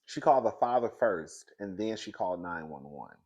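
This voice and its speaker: Animated, low-voiced man giving gossip commentary. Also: normal speed. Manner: animated and dramatic, calls everyone "girl", laughs often. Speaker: commentary show host. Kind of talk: casual pop-culture commentary.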